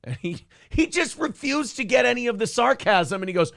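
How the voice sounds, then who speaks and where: A man with a high, lively voice co-hosts a podcast and tells stories with sarcastic flair. His pitch swings widely as he mocks the people he quotes. The recording is dry and close, with no room sound. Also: normal speed, creaky, no room sound. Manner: sarcastic, animated storytelling with mocking voices. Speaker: podcast co-host. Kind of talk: casual chat.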